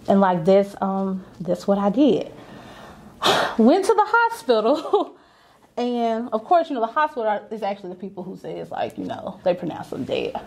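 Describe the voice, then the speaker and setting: A woman's voice: mid-range voice, animated, moderate pace, darkish tone. A young adult woman and business owner telling a personal story candidly and conversationally, acting out the voices she quotes.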